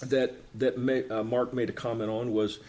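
A man co-hosting a casual Bible study conversation, talking in an animated, chatty way and often laughing. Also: mid-range voice, moderate pace. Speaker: co-host of a Bible study talk.

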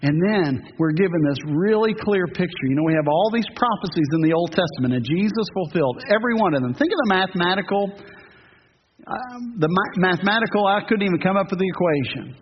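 A man in his fifties delivers a sermon in a high, lifted voice, earnest and building to emphatic peaks. His words ring through a big church hall with a long reverb tail. The sound is a bit dull and carries a faint hiss. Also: expressive, fast talker, few pauses. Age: 50s. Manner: earnest, rising to emphatic peaks, joking asides. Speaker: pastor. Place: church sanctuary.

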